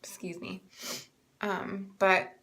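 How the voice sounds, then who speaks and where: A young woman talks casually to her viewers in a bright, clear-toned voice. She sounds a little stuffed up and short of breath, and she rambles along with plenty of ums. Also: mid-range voice, little pitch movement, slow. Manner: chatty, rambling with many ums. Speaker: vlogger sharing pregnancy updates. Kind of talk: casual chat to camera.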